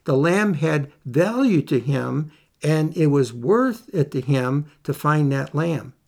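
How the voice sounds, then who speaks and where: A man's voice: fairly high pitch, animated, takes it slowly, gravelly, a little mellow. A man preaching a Bible lesson, reading scripture aloud and putting earnest questions to his listeners.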